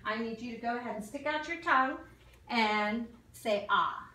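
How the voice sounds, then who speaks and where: A woman's voice: fairly high pitch, moderate pace, pushed and bright, a little hiss or hum. A woman giving a clinical exam and talking a patient through each step, sometimes tripping over medical terms. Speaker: nursing student performing an exam. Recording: echoey room, mic far off.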